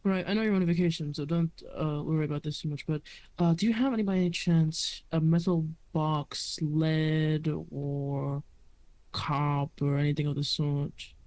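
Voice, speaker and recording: A calm, businesslike male boss gets straight to the point, voiced by the game master in a tabletop role-play. The voice sits in an ordinary middle pitch. He stays polite and brisk. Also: no room sound, lightly acted.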